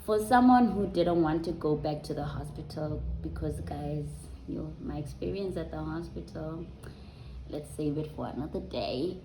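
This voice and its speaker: A woman, telling a personal story to her viewers in a conversational, unhurried way with soft ums. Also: low voice, background noise. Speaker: vlogger. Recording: roomy echo.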